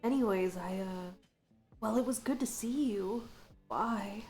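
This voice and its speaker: A woman's voice: mid-range voice, unhurried, darkish tone, soft background music. A woman streamer chatting casually while she plays a game, giggling and joking about what she reads aloud. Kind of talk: casual live gameplay chat.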